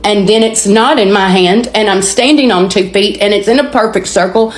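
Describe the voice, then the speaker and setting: A woman with a Southern American accent telling an emotional personal testimony, stumbling and restarting words as she goes. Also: medium pitch. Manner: storytelling, repeats and restarts words, dramatic pauses. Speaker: speaker sharing a testimony. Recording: roomy echoey recording.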